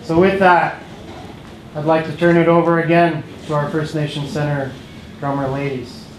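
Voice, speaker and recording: A man hosting a community feast, telling stories to the crowd in a slow, unhurried way. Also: on the high side, flat delivery. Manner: slow, storytelling delivery. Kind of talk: speaking to a crowd. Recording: roomy hall with faint background noise.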